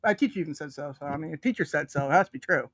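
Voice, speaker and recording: Stream host: woman, animated pitch, laughs a lot, dry close mic. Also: racing, no room sound. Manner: laughs often, acts out quoted voices. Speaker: livestream host. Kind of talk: casual storytelling chat.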